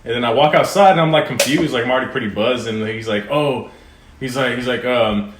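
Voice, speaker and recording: A young man telling a drunk night story in animated fashion, swearing, his voice leaping up when quoting himself. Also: medium pitch, a little fast, noisy background. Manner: animated storytelling, voice jumping up for quoted outbursts, swearing. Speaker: podcast co-host. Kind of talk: casual chat, drunk story. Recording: echoey room.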